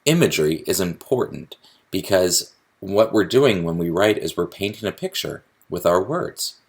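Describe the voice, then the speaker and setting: A man's voice: deep voice, expressive, normal speed, breathy edge. A man teaching a recorded lesson on poetry, explaining step by step and often restarting his sentences. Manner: explanatory, with frequent restarts and fillers.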